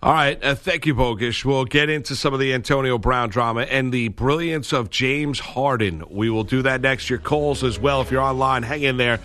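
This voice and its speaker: A man's voice: medium pitch, moderate pace, few pauses, fairly bright tone, no echo. A man hosting a sports radio show, talking in a rambling way with many fillers and restarts.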